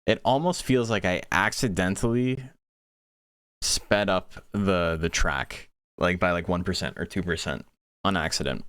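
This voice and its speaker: A man giving casual play-by-play commentary on a monster-raising game tournament, chatting quickly and answering questions from chat. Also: low voice, fairly bright tone, smooth, no room sound, clean studio sound.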